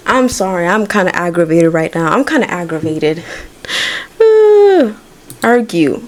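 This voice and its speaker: A woman gaming video creator with a fairly low, sing-song voice rambles casually through let's-play commentary at an unhurried pace. She swears freely and talks to the characters in her game.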